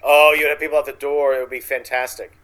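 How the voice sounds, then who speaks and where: A man's voice: fairly high pitch, little pitch movement, fast, a bit bright, low-quality recording. A man co-hosting a casual political chat, blunt and casually swearing, with plenty of hesitant fillers.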